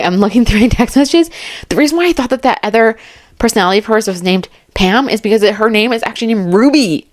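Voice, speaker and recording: A woman giving casual, excitable true crime commentary to her viewers, chatty and often laughing as she reads messages aloud. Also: mid-range voice.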